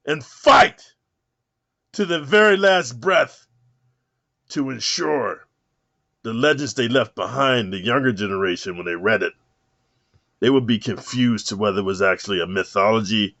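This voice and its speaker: A man giving a rambling, profane monologue to camera, rough street talk full of "man". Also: on the low side, a bit bright, no echo. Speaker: self-help vlogger. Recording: dull lo-fi dry sound.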